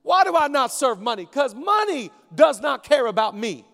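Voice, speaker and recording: A male pastor preaching a sermon with rhythmic repetition, swinging between shouted peaks and hushed stretches. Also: very high voice, expressive, unhurried, few pauses, in a large hall. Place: church auditorium.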